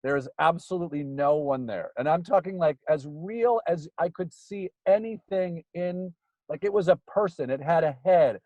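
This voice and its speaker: A man telling a ghost story in a rambling, casual way, full of fillers, getting animated as it builds. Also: fairly high pitch, moderate pace, no room sound, highs cut off. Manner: rambling, filler-heavy, gets animated when excited. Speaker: guest storyteller.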